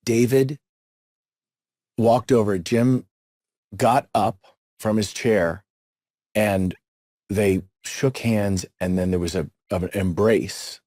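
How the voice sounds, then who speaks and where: A man's voice: lowish voice, fairly even intonation, slow, long pauses, dark tone, dry recording, studio quality. A middle-aged man co-hosting a podcast, chatting casually and telling rambling, jokey stories with repeated words. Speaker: podcast co-host.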